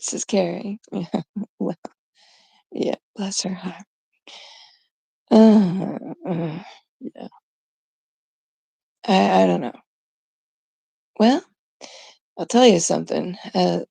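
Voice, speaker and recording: A woman from Canada hosts a casual live stream, rambling and giggling as she retells things with mock exasperation. Her voice is heavily gravelly and husky, with a dark, mellow tone. She talks slowly. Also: mid-range voice, no room sound.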